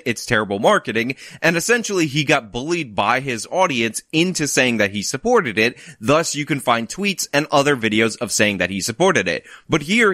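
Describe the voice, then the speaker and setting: A man's voice: mid-range voice, bright, forceful tone, dry recording, studio quality. A man hosting a political commentary vlog, talking in an emphatic, argumentative, explanatory way.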